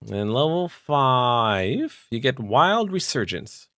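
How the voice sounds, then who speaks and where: A man co-hosting a podcast, chatting casually about tabletop game rules with relaxed fillers. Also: medium pitch, slow, no echo, clean studio sound. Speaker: podcast co-host.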